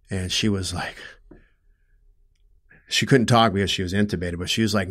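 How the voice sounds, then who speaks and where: Halting, emotional man, low voice. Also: fairly even intonation. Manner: emotional, halting, restarts often, grows loud when upset. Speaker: guest telling his story. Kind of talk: personal storytelling in an interview.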